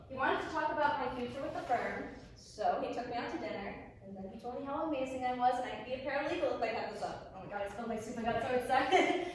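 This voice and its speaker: A woman's voice: sits high, a little hiss or hum. A young woman acting on stage as a blunt, ambitious young legal secretary who swears and laughs easily. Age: young adult. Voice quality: brash, swearing, quick to laugh. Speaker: student actor. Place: theater stage. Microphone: far camera. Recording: echoey stage heard from far off.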